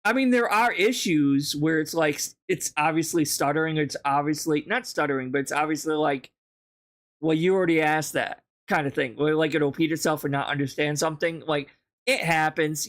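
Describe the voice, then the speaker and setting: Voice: mid-range voice, fairly quick. A podcast host in casual chat over a voice call, talking loosely with many fillers and frequent laughs.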